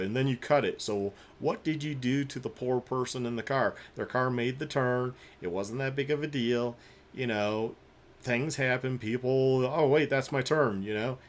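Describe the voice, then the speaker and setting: A man's voice: medium pitch, a little hiss or hum. A man hosting a reaction video, giving sarcastic, opinionated commentary on riding clips.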